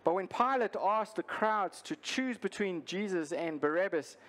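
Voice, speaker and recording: A male pastor preaching a sermon, earnest and deliberate, repeating his key lines for emphasis. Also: high-pitched, expressive, a bit bright.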